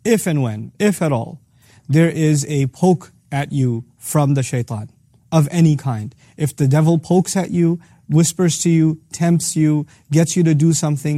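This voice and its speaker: A man teaching a lesson on the Quran, earnestly rephrasing each phrase several ways and reciting Arabic verses quickly between his English explanations. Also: on the high side, dark tone, no room sound, clean studio sound. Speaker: Quran teacher hosting a series.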